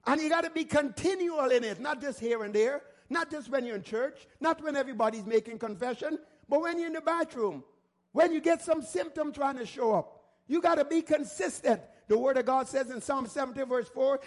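Guy preaching a sermon, really high voice, pushy and repetitive, keeps throwing questions at the crowd. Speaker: pastor.

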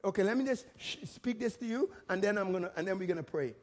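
A male pastor preaching a sermon emphatically, firing rhetorical questions and rising to shouts. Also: high-pitched, lively intonation, quick pace.

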